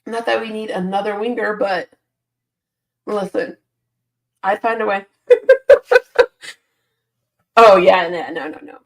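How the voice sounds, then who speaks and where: A woman's voice: mid-range voice, steady tone, slow, creaky, long pauses. Sleepy woman chatting on a live stream. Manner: reads viewer comments aloud and answers them, laughs often. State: sleepy, yawning early in the morning. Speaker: football channel host reading live chat. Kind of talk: casual live-stream chat.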